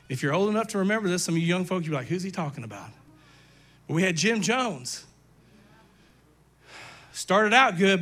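An older man preaching from the pulpit with a high, ringing voice and a bright, forceful edge. He swings between hushed asides and shouted declarations, speaking straight to the congregation. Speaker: pastor. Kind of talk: sermon. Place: church sanctuary.

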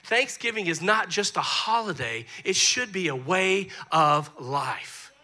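A man, preaching a sermon as pastor, moving between soft asides and loud emphasis. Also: high voice, expressive, a little slow. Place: church sanctuary.

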